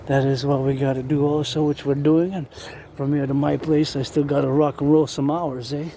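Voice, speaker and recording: A man's voice: on the high side, flat delivery, normal speed, dark tone, a little hiss or hum. Man chanting rhythmic marching cadences. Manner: rhythmic, sing-song chanting mixed with loose rambling. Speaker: vlogger. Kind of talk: chanted marching cadence and rambling walk-and-talk. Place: outdoors by a river.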